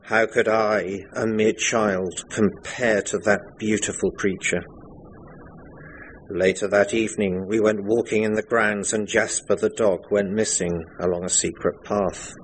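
A man narrating a comic parody in a dry, deadpan storytelling manner. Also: fairly low pitch, a little slow, a little hiss or hum, poor audio.

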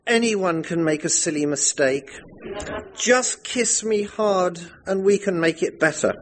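A gushing, high-voiced young bride. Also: male voice, measured pace, slight background noise. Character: breathless young bride pleading with her husband.

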